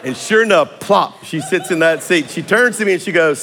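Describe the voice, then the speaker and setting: Preacher guy telling stories from the pulpit, gets loud then quiet, church hall. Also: a little high, moderate pace, vocal fry, slight background noise. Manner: animated storytelling with laughs and swings in loudness. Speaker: pastor. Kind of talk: sermon. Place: church auditorium.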